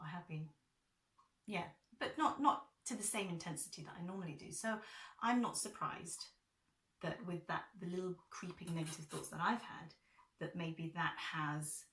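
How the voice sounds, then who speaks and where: A woman reading angel cards, talking in an earnest, confiding vlog manner. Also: fairly low pitch. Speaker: angel card reader. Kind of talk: casual heartfelt vlog talk. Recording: echoey room, far from mic.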